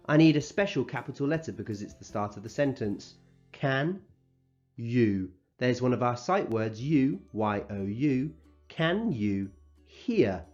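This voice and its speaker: A man teaching a recorded phonics lesson to young children, sounding out letters slowly and clearly and praising them as they go. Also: fairly low pitch, darkish tone, dull audio. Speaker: primary school teacher.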